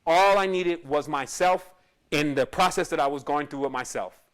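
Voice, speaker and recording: Man, high-pitched voice, spiritual teacher, casual storytelling, rambling, self-correcting. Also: normal speed, fairly bright tone. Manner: rambling, with frequent restarts and asides.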